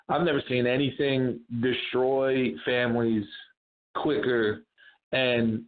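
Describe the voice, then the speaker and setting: A man from New Jersey, a guest comedian in a casual chat, talking loosely with lots of "man" and "you know". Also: medium pitch. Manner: chatty, lots of fillers like "man". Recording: tinny phone-like line.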